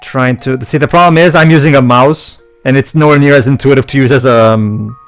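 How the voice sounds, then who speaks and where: A man in a middle pitch hosts a game let's play. He talks casually and trips over his words, restarting often as he explains puzzles. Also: soft background music. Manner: halting, lots of restarts and stammers. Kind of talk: game commentary.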